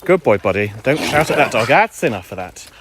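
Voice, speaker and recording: A man's voice: medium pitch, very animated, a little fast, noisy background. A man livestreaming a dog walk outdoors, chatty and ranting, with some playful crude language, on a handheld phone. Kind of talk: casual chat while walking. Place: outdoors in woods.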